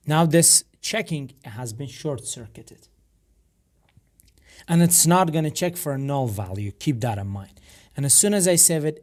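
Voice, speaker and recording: A man with a rough, gravelly voice, explaining a coding tutorial step by step with frequent fillers and restarts. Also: medium pitch, darkish tone. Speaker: programming instructor. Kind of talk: screen-recorded coding tutorial.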